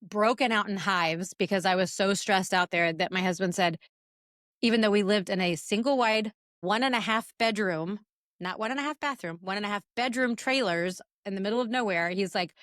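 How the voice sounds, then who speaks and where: A woman in her forties co-hosting a casual business podcast, chatty and animated as she tells stories. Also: mid-range voice, normal speed, dry recording, clean studio sound. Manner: storytelling, chatty, animated retellings. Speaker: podcast co-host.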